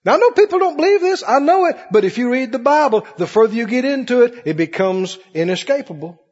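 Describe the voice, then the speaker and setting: A pastor delivers a sermon in a large church hall, his lively voice soaring as he speaks quickly in a preacherly call-and-response style, swinging from loud high cries to low murmurs. The recording is muffled, with a long hall reverb.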